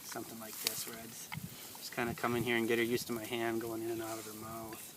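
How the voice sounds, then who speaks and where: A man working as a dog trainer, explaining an outdoor training session in a relaxed way and chatting to the dog. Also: medium pitch, quick pace. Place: outdoors in a field by water. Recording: distant outdoor mic with noise.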